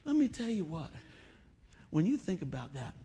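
A man's voice: on the high side, big pitch swings, moderate pace, mellow, a little hiss or hum. A middle-aged man preaching a sermon, repeating phrases and urging the congregation on. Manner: emotional, repetitive exhortation with call-and-response asides. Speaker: pastor.

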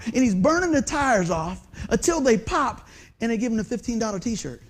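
A middle-aged man preaching a sermon, folksy and animated, full of rhetorical questions. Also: very high-pitched, normal speed. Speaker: pastor.

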